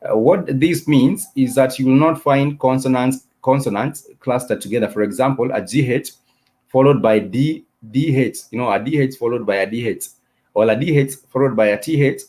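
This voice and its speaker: A man teaching a live-streamed language class, explaining at length with many fillers and repeating words slowly letter by letter. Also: lowish voice, darkish tone. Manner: repetitive, explanatory, many "uh" and "you know" fillers. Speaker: Swahili teacher.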